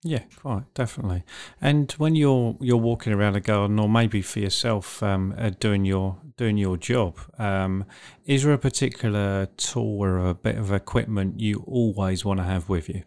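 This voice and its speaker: Host, male, low and gravelly, halting interviewer with a hesitant delivery. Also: a little mellow. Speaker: podcast host. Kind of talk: interview questions.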